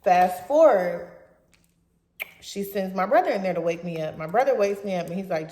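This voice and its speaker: A young woman casually telling a story from her teens in a blunt, profane, animated way. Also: mid-range voice, normal speed. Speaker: vlogger. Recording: roomy echo.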